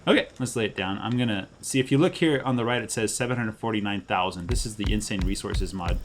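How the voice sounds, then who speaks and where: A middle-aged man, hoarse from a cold, chatting and joking his way through a game commentary with his daughter. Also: on the low side, fast talker, a little hiss or hum. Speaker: gameplay video host.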